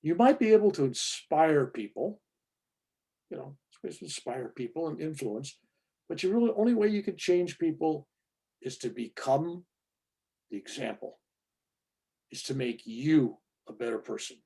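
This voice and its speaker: A male reverend answering a student's question in an informal spiritual talk, animated and acting out the voices he quotes. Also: a little high, moderate pace, creaky, long pauses, breathy edge.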